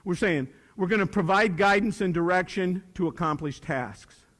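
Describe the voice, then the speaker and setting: This older man's high-pitched, fairly bright voice fills a large hall as he gives a leadership speech to young listeners at a moderate pace. A motivational speaker, he jokes, stresses his points hard, and circles back to key phrases like a preacher.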